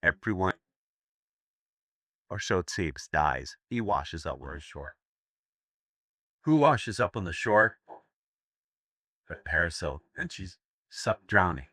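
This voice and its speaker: A man's voice: low-pitched, expressive, slow pace, long pauses, bright, forceful tone, no echo, studio quality. A man giving a live seminar talk, telling crude jokes as stories and laughing at his own punchlines. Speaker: seminar speaker. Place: seminar room with audience.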